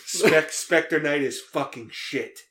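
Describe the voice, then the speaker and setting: A man putting on a gruff, middle-aged New Jersey mob boss who growls, swears and threatens. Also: on the high side, takes it slowly, a bit bright, pitched above the performer's own voice. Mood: scornful.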